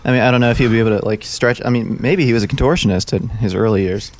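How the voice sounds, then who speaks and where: A man's voice: on the low side, racing, a little hiss or hum. A man co-hosting a podcast, bantering and joking in a rambling way with plenty of fillers. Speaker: podcast co-host. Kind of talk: casual chat.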